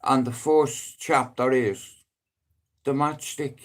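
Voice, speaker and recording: A middle-aged man with a Dublin accent rambling on a casual live stream, swearing freely and breaking into loud emphatic outbursts. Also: mid-range voice, fairly even intonation, slow pace. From Ireland.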